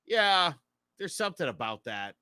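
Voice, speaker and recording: A man's voice: on the high side, sing-song, moderate pace, pushed and bright, clean tone, no echo. A man co-hosting a podcast in casual chat, laid-back and self-deprecating. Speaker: podcast co-host.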